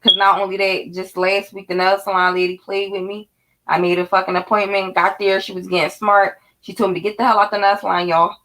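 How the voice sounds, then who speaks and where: A woman in her thirties from North Philadelphia with a Philly accent, telling a story to her viewers in a casual, animated, profane way. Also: mid-range voice, brisk, low-quality recording. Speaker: vlogger.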